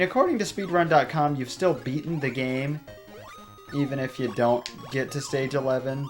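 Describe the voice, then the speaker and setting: A young man hosting a game playthrough, chatting casually and rambling off on tangents while he laughs often. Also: a little high. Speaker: let's play host. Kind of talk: gameplay commentary. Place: home room.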